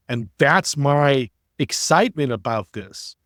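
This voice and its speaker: Man, interview guest, motivational storyteller, earnest and preachy, mid pitch, dry sound. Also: lively intonation, normal speed, fairly bright tone, no room sound. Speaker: entrepreneur and networking coach, guest.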